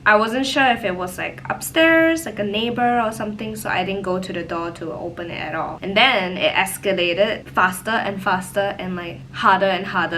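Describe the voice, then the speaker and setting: A young woman telling a personal story in a casual, animated way, full of "like" fillers. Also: mid-range voice, a little hiss or hum, rough recording. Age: young adult. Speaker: vlogger. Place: home, indoors.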